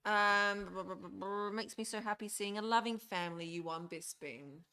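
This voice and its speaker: A woman's voice: mid-range voice, normal speed, bright, forceful tone, clear, resonant tone. A middle-aged woman, reading out viewer comments and teasing the others in a casual chat. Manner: dry, teasing. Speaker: co-host reading viewer questions.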